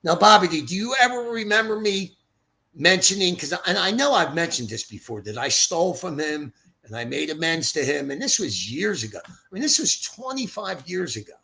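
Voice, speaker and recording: Speaking into his streaming setup mic, the older Philadelphia host rambles casually, blunt and profane. His slightly high voice is very animated and brisk, bright and forceful, with vocal fry.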